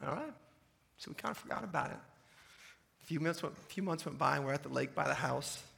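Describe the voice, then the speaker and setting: A man in his thirties telling a personal story to an audience, acting out the dialogue in an animated way. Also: a little high, fast, vocal fry. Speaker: speaker sharing testimony.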